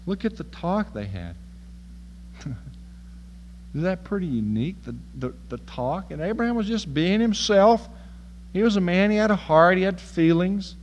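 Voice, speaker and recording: A man's voice: high voice, big-room sound, a little hiss or hum, low-quality recording. A man preaching a sermon in a folksy, humorous and emphatic way.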